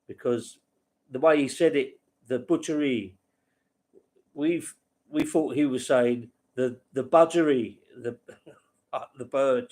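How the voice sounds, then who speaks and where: A man's voice: medium pitch, darkish tone. A man hosting a casual late-night livestream, rambling to viewers by name and laughing at his own stories. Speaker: livestream host.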